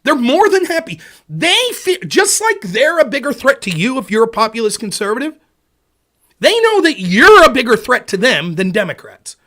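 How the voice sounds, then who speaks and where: High-voiced man on a profane political rant. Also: huge pitch swings, normal speed, bright, forceful tone. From Pennsylvania. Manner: heated, sarcastic, swears often. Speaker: political livestream host.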